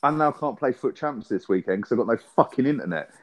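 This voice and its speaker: Lively intonation marks this mid-range English voice as he co-hosts a laid-back podcast and recounts a long tale. His delivery involves swearing and rapid back-and-forth exchanges.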